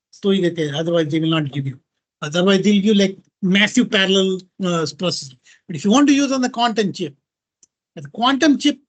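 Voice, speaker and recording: A middle-aged man from India with an Indian accent, giving a lively informal talk to an audience, mixing in Hindi phrases and often checking in with "right?" and "okay?". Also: sits high. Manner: animated, mixes Hindi into English, repeats "right?" and "okay?". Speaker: guest speaker.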